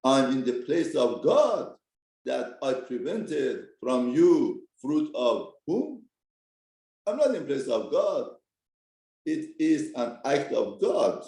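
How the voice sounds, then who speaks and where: Animated Persian-accented man, echoey room. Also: medium pitch, unhurried, creaky. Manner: animated, acts out quotes, mixes Hebrew terms into English. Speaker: rabbi teaching a class. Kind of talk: short ethics lesson. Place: study hall.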